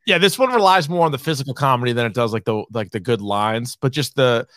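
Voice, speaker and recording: A man's voice: medium pitch, lively intonation, fast talker, a bit bright, no echo, studio quality. A man co-hosting a podcast, chatting casually and swearing as he ranks comedy sketches. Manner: laid-back, swearing, laughs often. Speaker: podcast co-host.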